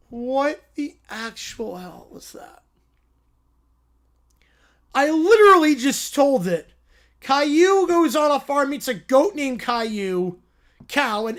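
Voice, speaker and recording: A man's voice: very high voice, a bit bright. A man hosting a casual livestream, reading viewer prompts aloud with amused, sarcastic remarks. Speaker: livestream host. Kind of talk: casual livestream reaction chat.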